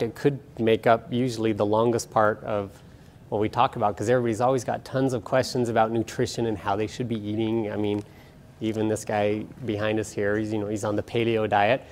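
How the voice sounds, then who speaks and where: A man's voice: mid-range voice, a little mellow. A middle-aged man giving a casual, jokey talk on nutrition to a small audience in an event room. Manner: chatty, jokey, self-deprecating. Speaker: guest speaker on nutrition.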